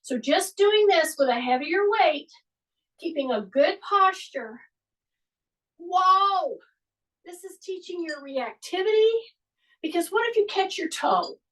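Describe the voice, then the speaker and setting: A woman with a high voice leads an exercise class and talks through each move as she demonstrates it. She keeps repeating cues to breathe and drop the shoulders. She sounds a little distant from the microphone. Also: lively intonation, a little slow. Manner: coaching, repetitive breathing cues, demonstrating moves. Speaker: fitness instructor. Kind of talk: guided workout instruction.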